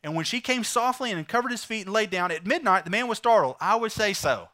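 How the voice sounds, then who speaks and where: A man preaching a sermon, retelling a story with animated voices for the characters. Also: high-pitched, quick pace. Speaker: pastor.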